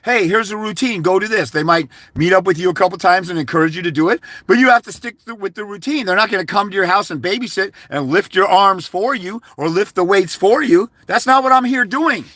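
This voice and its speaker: A man with a fairly high voice delivers a combative, insult-laden rant to camera. The sound is close and dry, with no room around it. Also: brisk, hardly any pauses, bright, forceful tone, no room sound. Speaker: YouTuber giving fathers' rights advice. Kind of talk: angry vlog rant.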